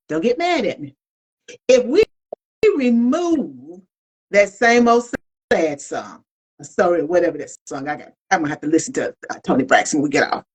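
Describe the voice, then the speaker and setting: A middle-aged woman co-hosts a podcast, her mid-range voice coming through a rough recording. She chats casually and candidly in colloquial language, animated and openly reflecting on herself.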